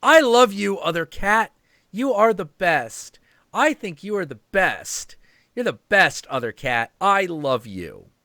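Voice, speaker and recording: A man doing a clingy, high-voiced kitten. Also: big pitch swings, takes it slowly, sharp tone, no echo, clean studio sound, full character voice. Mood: adoring. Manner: eager, pleading, high and sing-song. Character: clingy affectionate young male kitten.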